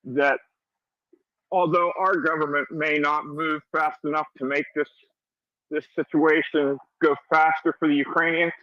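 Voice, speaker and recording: Fairly high voiced guy from the states, upbeat and earnest, muffled lo-fi sound, dry. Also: no room sound. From United States. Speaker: listener and regular participant. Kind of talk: casual live audio chat. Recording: dull lo-fi audio.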